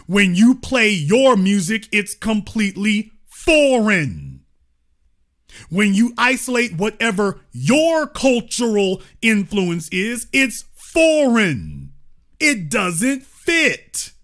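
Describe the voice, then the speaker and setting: A man's voice: high-pitched, sing-song, takes it slowly, fairly bright tone. A man hosting a heated commentary monologue, repeating his points emphatically and confrontationally in slangy, colloquial speech. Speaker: commentary show host.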